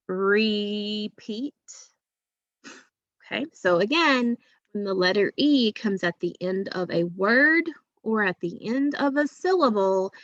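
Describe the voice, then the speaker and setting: A woman's voice: mid-range voice, a bit bright, dry recording, lo-fi sound. A woman teacher giving a phonics lesson to young children, patient and drawing out each sound.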